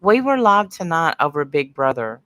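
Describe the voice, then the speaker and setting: A middle-aged woman with a low-pitched, slightly bright voice runs a casual livestream, very animated and at a moderate pace. Sniffly from her sinuses, she rambles between stories and greets viewers by name mid-sentence; the recording has no room sound.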